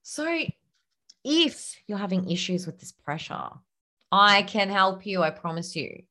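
A woman's voice: mid-range voice, sing-song, a little slow, bright, forceful tone. A woman hosting her own podcast as a coach, talking encouragingly to listeners, laughing often and sometimes dropping to a near-whisper. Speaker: podcast host and business coach. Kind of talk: solo podcast talk.

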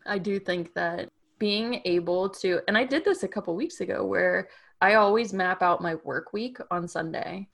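A woman's voice: medium pitch, moderate pace, creaky, fairly bright tone. A woman in her thirties co-hosting a podcast, chatting casually and laughing easily. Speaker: podcast co-host. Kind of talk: casual chat.

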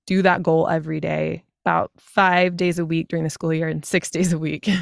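A woman in her thirties, a fantasy author talking as a podcast guest, chatty and full of quick asides. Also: deep voice, little pitch movement, vocal fry, no echo, clean studio sound. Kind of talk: casual podcast conversation.

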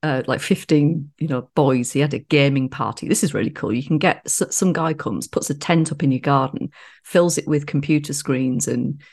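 A woman's voice: sits low, moderate pace, darkish tone. A woman co-hosting a podcast, telling stories in casual chat and often laughing. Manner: chatty storytelling, laughs often. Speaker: podcast co-host.

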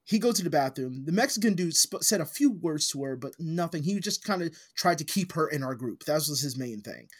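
Podcast co-host, male, husky voice, wide-ranging pitch, loose rambling anecdotes with cursing. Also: animated, fairly quick, hardly any pauses. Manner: rambling storyteller, swears a lot, acts out quotes loudly. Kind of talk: casual chat.

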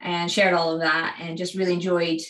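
Recorded in an echoey room, a Canadian woman whose accent has a faint British twang talks cycling as an interview guest; she's a cycling YouTuber. Her voice is on the low side and fairly bright, with a flat delivery at a moderate pace, and the casual chat is full of laughs and fillers.

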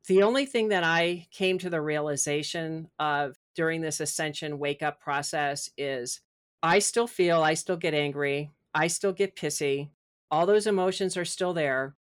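Animated woman, low voice, spiritual talk. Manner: animated, acts out her own inner voice. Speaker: podcast guest, author. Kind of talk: casual spiritual interview talk.

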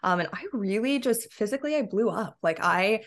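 A woman's voice: mid-range voice, lively intonation, brisk. A woman fitness coach talking candidly in an interview, with lots of "like" and "you know". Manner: candid, uses many fillers like "like" and "you know". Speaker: health and fitness coach, guest. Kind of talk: casual interview talk.

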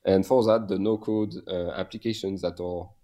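A man's voice: low-pitched, fairly even intonation, normal speed, mellow. A man with a French accent, a guest in a casual podcast interview, speaking hesitantly with many fillers and restarts. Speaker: guest, software company founder.

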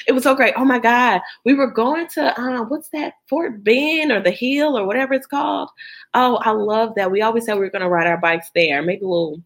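A woman's fairly high voice tells a story on a casual podcast. She is an animated storyteller in her thirties who laughs often and breaks into bits of song. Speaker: podcast host. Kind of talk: casual chat.

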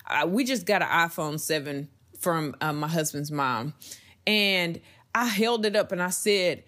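Woman, young adult, low-pitched voice, earnest conversational podcast talk, emphatic. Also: expressive, a little slow, fairly bright tone. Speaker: podcast host. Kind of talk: faith-based podcast talk.

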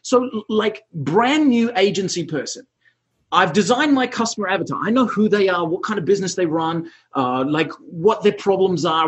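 A man with a high, breathy voice hosts an interview and responds with eager praise. The audio is dull and lo-fi. He asks long, chatty follow-up questions. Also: fairly bright tone. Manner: enthusiastic, quick to praise. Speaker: podcast host. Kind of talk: casual interview talk.

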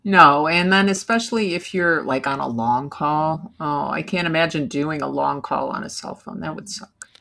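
A woman's voice: low-pitched, moderate pace, vocal fry, hardly any pauses, sharp tone. A woman co-hosting a podcast in casual chat, rambling with many fillers. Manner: rambling, filler-heavy storytelling. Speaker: podcast co-host.

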